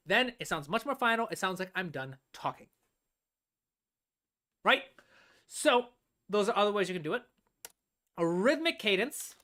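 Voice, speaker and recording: A woman's voice: a little high, bright, forceful tone. A woman teaching music composition on a live stream, explaining step by step, often drawing out words while she thinks and checking in with "all right?".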